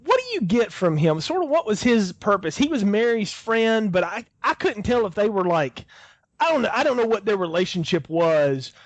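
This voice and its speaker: A man with a high, very lively voice co-hosts a casual podcast, chuckling as he goes. The recording is dry and close, with almost no room sound. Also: moderate pace, no room sound, highs cut off. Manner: animated, chuckles while talking. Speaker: podcast co-host.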